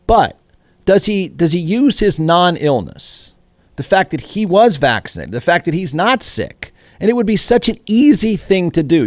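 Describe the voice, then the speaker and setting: A snarky male talk radio host, firing off rhetorical questions in an irreverent tone. His voice sits a bit high for a man. The sound is dry and close to the mic. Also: dry recording. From Austin, Texas. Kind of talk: opinion commentary.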